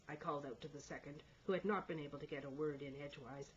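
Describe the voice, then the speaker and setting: A woman's voice: sits low, fairly even intonation, fast, hardly any pauses, husky, highs cut off. A woman reading a novel aloud as an amateur audiobook, with small stumbles and restarts. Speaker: audiobook reader.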